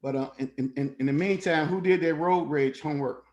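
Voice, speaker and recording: Man, slightly high voice, informal class leader, animated and salty-mouthed, online call. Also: brisk, highs cut off. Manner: animated and profane, acting out quotes in other voices. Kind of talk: informal coaching talk.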